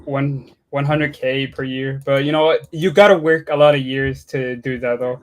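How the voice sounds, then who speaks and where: Young Swedish-accented man, halting speech. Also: mid-range voice, fairly even intonation. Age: young adult. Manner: halting, restarts often, blunt. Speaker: guest, student. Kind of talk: casual chat.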